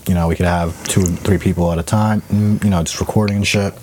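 Young man, podcast co-host, low voice, rapid rambling chatter, profane, faint background noise. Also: steady tone. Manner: rambling, profane storytelling with many fillers. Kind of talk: casual chat.

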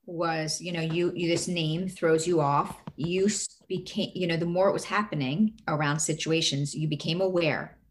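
A woman's voice: deep voice, steady tone, moderate pace, few pauses, a little hiss or hum. Earnest middle-aged woman coaching. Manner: earnest, explains step by step with rhetorical questions. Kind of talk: casual advice talk.

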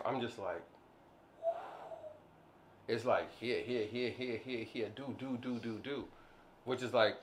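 A man talking casually about his business, rambling and playful, with lots of "like, I don't know" and sudden jumps when he jokes. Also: a little hiss or hum. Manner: animated, jumps high when joking. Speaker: business owner, co-host. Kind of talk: casual chat.

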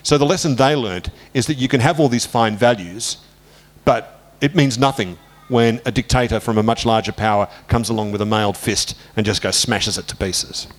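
An Australian man in his sixties, an author interviewed about his book, talking through history in an animated way and jumping up in pitch when he quotes people. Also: normal speed. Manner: animated, lifts pitch sharply when quoting others. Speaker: author guest. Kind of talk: conversational interview, storytelling.

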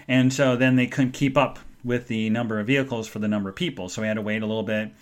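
A man with a mid-range voice and fairly even intonation talks fast as he hosts a podcast. He rambles through a long, casual story, acting out the voices of the people he quotes.

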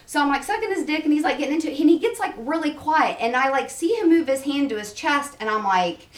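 A woman guest on a podcast tells an anecdote in casual chat, speaking fast in a high voice, animated and heavy on filler "like" and swearing. The room is echoey, she is far from the mic, and there is slight background noise with chatter behind her.

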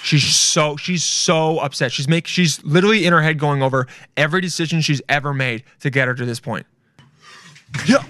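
A man's voice: on the high side, fairly quick, few pauses, sharp tone. Rambling, foul-mouthed male podcast host. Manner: rambling, profane, jokey. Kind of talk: casual podcast chat.

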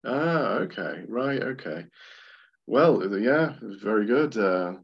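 A man with a low, husky voice co-hosts a podcast and chats about films, rambling and laughing along the way. His recording sounds a little dull and lo-fi. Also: animated, takes it slowly. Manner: chatty, rambling, laughs often. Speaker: podcast co-host. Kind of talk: casual film discussion.

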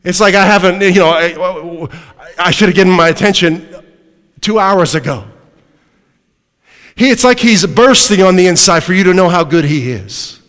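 High-voiced male preacher in echoing hall. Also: normal speed, pauses often, a bit bright. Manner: emphatic, rhetorical questions to the congregation. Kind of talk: sermon.

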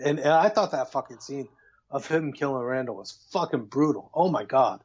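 A man in casual podcast chat, swearing freely and getting worked up as he relives scenes from a film. His voice sits at a middle pitch, and the recording sounds dull and lo-fi. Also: moderate pace, husky. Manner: profane, excitable, acts out scenes. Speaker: podcast co-host. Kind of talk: casual movie review chat.

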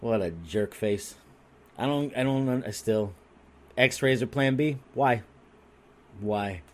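A man telling a story on a podcast in a crude, rambling and animated way, restarting his sentences often. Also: medium pitch, slow pace. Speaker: podcast co-host. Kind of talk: casual comedic storytelling.

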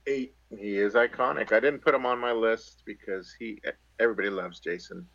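A man's voice: fairly low pitch, a little fast, vocal fry, a bit bright, no echo, highs cut off. A man co-hosting a podcast, chatting casually with wry asides. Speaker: podcast co-host. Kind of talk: casual chat.

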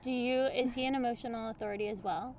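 A woman talking as a guest on a podcast, coaching people on human design in a lively, chatty way full of everyday examples. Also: a little high, fast talker, a little hiss or hum. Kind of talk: casual conversational interview.

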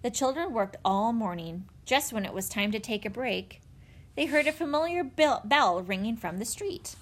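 A woman reading a children's chapter book aloud in an expressive, animated way. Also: on the high side, moderate pace. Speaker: narrator. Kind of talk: storybook read-aloud.

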